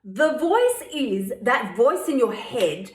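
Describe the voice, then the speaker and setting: A woman's voice: fairly high pitch, big pitch swings, takes it slowly. A woman hosting a weight-loss coaching podcast, blunt, profane and fired-up. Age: 50s. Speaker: host. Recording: roomy echo.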